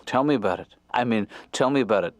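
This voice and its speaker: An actor playing a gentle, middle-aged male therapist and father who talks in a mild, hesitant, deadpan way. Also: mid-range voice, fast talker, no room sound, lightly acted.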